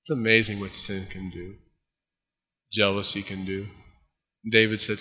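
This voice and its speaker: Bright-voiced male preacher in a reverberant space. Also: lowish voice, moderate pace, pauses often. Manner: reads scripture aloud, then retells it with lively acted-out voices. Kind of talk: expository Bible teaching.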